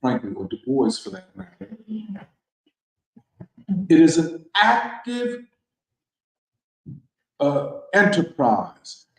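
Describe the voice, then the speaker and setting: A man's voice: fairly high pitch, big pitch swings, slow pace, long pauses. A man leading a political discussion, speaking emphatically and preacherly, throwing out rhetorical questions. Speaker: discussion leader. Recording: echoey room.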